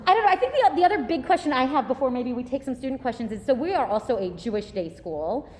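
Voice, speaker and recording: A woman's voice: high-pitched, expressive, fast. A woman hosting a school interview in a casual, friendly way, laughing often and using many fillers. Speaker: school host. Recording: echoey room with faint noise.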